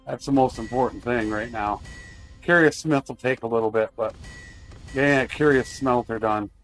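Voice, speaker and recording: Man streamer, mid-pitched voice, relaxed running commentary to chat over faint music. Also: moderate pace. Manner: chatty, talks to chat while playing. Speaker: game streamer. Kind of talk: casual live-stream commentary.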